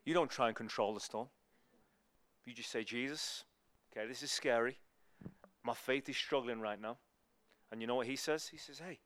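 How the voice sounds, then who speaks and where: A man giving a sermon as a guest preacher, telling lively stories and acting out the people in them. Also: medium pitch, normal speed, long pauses, dry recording. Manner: animated, acts out people in his stories. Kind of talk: storytelling sermon.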